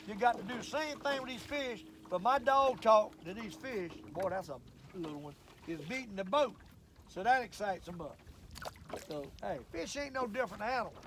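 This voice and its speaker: High-voiced old guy rambling on about fishing from his boat, country drawl. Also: a bit bright, slight background noise. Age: older. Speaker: fishing show host. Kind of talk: casual fishing vlog monologue. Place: outdoors on a boat on a lake.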